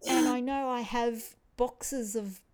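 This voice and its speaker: A woman chatting casually about books, with playful, expressive outbursts. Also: on the high side, slow, smooth. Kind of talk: casual chat.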